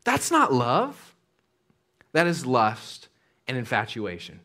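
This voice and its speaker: A man's voice: mid-range voice, huge pitch swings, slow, bright, forceful tone. A man preaching a sermon as a pastor, conversational and casual with slang.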